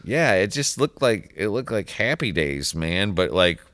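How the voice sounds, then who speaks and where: A man in his thirties with a low voice that swings widely in pitch as he tells stories. He laughs often and talks casually. The sound is dry and close. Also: unhurried, no echo. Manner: animated storyteller, laughs often, slips into impressions. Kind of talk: casual chat.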